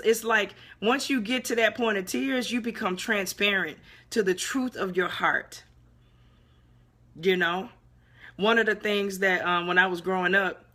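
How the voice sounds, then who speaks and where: Earnest woman giving a bright devotional talk. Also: mid-range voice. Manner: emotional, earnest, preacherly with repetition. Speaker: inspirational video host.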